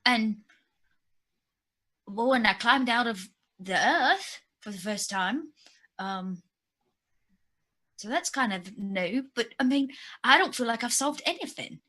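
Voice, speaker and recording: A woman's voice: fairly high pitch, expressive, takes it slowly, long pauses, sharp tone. Stammering, eager woman role-playing. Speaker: player. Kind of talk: in-character tabletop role-play.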